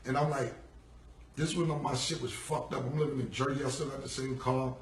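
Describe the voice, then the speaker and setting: A rapper on a live stream casually tells a long story from his past in loose, profane street slang, acting out what people said. His mid-range voice is fairly even in intonation and brisk. The echoey audio is captured by a phone some distance away in a room, with a little hiss or hum.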